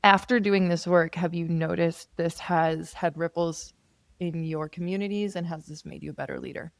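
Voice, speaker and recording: A woman's voice: fairly low pitch, fairly even intonation, moderate pace, gravelly, dry recording. Thoughtful woman podcast host, dry sound. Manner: thoughtful, builds long questions. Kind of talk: interviewing.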